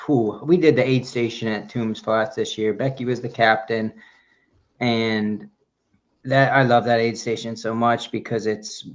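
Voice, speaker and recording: Male co-host, mid pitch, enthusiastic rambling chat, dull lo-fi sound. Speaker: podcast co-host. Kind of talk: casual chat. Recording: dull lo-fi audio.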